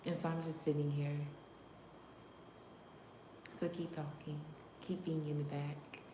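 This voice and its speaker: A low-voiced woman hosts a casual livestream chat, talking straight to her viewers at a measured pace with a flat delivery. She often laughs and occasionally drops into whispers. Her voice echoes in a roomy space, with faint ambience and background noise behind her.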